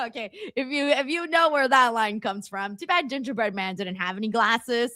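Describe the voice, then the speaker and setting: A woman hosting a live wrestling watchalong, chatting casually and reading viewer comments. She laughs often and swears freely, with a bright, fairly high voice. The sound is close and dry. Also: normal speed, no echo.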